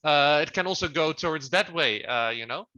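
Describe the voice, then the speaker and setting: Brief: male founder guest, higher bright voice, muffled call audio, hesitant delivery. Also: animated. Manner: halting, many fillers and restarts. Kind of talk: casual interview over video call.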